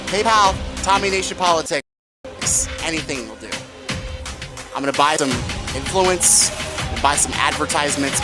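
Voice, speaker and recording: A man's voice: a little high, moderate pace, loud music behind the voice. A man hosting a rambling political commentary stream, sarcastic and profane.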